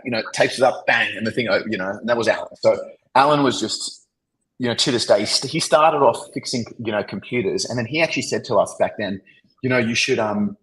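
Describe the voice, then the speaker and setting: An Australian agency founder appears as a podcast guest, rambling through business anecdotes in a casual interview full of "you know" and "like." His voice is fairly low and fairly bright, and the audio quality is poor.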